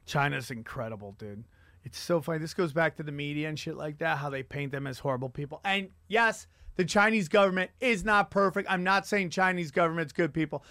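A man hosting a podcast, telling stories in an animated, profane comedic rant. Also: on the high side, no echo, clean studio sound. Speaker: podcast host.

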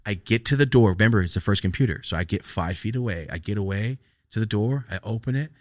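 A man with a fairly low voice spins a comic story from his own past, swearing freely and throwing himself into it. His delivery is casual and animated. The sound is dry and close, with no room echo. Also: quick pace. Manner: animated, profane, acts out quoted lines. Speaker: podcast host.

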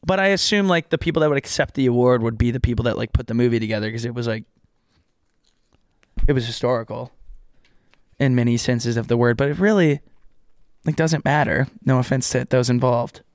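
A young man co-hosts a podcast in casual conversation, joking around and wandering into quick, rambling asides. His voice is mid-range and the audio has no echo.

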